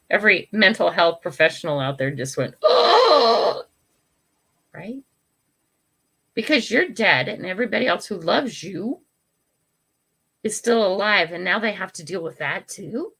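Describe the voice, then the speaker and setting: Older woman chatting on a bright livestream. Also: mid-range voice, lively intonation, moderate pace, slightly rough. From United States. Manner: chatty, frank, laughs often, apologizes and restarts. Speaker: livestream host. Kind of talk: casual live chat reading viewer comments.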